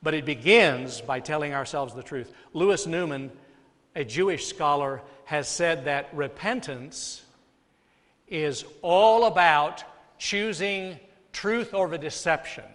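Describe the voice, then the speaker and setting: Male pastor, slightly high voice, preaching with soft dips and loud peaks in a reverberant sanctuary. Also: slow. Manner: dynamic preaching, drops soft then rises loud. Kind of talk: sermon. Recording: long hall reverb.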